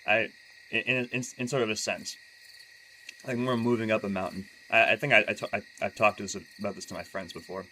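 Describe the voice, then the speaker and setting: A man's voice: on the low side, steady tone, brisk, bright, forceful tone, a little hiss or hum, rough recording. A man streaming live who reads aloud and then chats casually, stumbling and restarting his sentences often and making wry asides. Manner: chatty and wry when talking freely.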